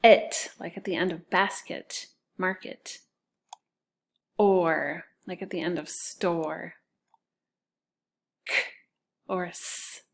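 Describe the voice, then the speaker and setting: A woman teacher giving a recorded phonics lesson to children. She talks slowly and patiently and spells words out letter by letter. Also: on the low side, fairly even intonation, vocal fry.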